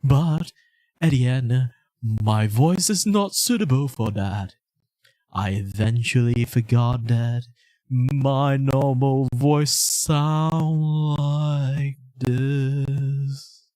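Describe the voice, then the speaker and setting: A man's voice: mid-range voice, mellow, no room sound. A man making casual chat on a live art stream, rambling and half-singing his words. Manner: rambling, half-sung, slow and drawn out.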